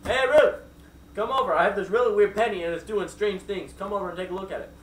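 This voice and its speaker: A man voicing an excitable young man in a story he is telling, talking in an eager, hurried way. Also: sits high, a little hiss or hum. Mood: excited. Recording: roomy echo from far off.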